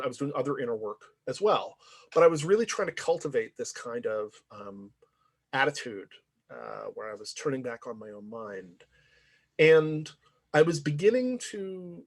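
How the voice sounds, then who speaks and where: A man lecturing in a conversational, reflective way, often checking in with "right?". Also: medium pitch. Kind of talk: university lecture.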